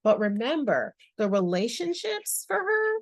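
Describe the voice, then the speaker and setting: A woman's voice: a little high, very animated, a little slow, no room sound. A woman giving a casual tarot reading, musing aloud and chatting to her viewers with slangy asides. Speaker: tarot reader.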